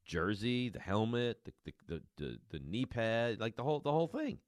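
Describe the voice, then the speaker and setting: A man's voice: mid-range voice, big pitch swings, normal speed, no echo, studio quality. A man in his forties hosting a call-in sports radio show, talking in an emphatic, teasing way. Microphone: studio microphone.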